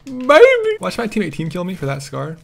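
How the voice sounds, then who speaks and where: A young man giving casual, excitable commentary while playing a shooter game, laughing and yelping often. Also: on the high side, fast talker, vocal fry, slight background noise. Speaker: gamer streamer.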